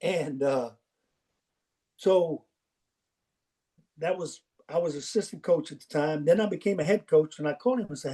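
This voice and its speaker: A man's voice: fairly high pitch, moderate pace, warm tone. An older man, a football coach as podcast guest, telling folksy anecdotes and acting out the dialogue in them. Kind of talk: storytelling interview.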